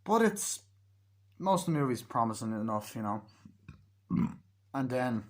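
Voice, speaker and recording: A man's voice: medium pitch, sing-song, unhurried. A man giving a casual, rambling film review, swearing freely and acting out scenes as he retells them. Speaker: movie reviewer.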